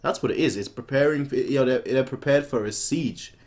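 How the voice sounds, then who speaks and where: A man's voice: medium pitch, fairly quick. A man chatting casually as he reacts to a manga chapter, rambling and restarting his sentences. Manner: rambling, animated, frequent restarts and fillers.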